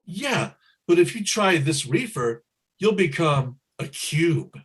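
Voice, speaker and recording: A man's voice: on the high side, sing-song, slow, slightly rough, heavily acted. An actor playing a laid-back 1950s teen boy who has taken up reefer, talking in a rambling, dreamy way in a live improv comedy scene. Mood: coaxing.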